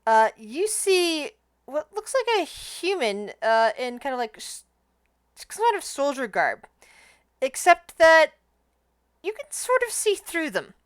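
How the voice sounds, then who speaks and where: A woman's voice: high voice, sing-song, slow pace, dry recording. A woman running a tabletop game as game master, narrating in a rambling, filler-heavy way.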